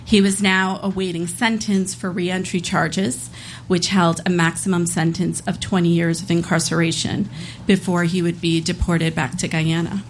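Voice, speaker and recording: A woman's voice: on the low side, level tone, moderate pace, a little hiss or hum. A woman telling a personal story on stage, earnest and hesitant, with fillers. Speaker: public defender telling a story. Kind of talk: live storytelling.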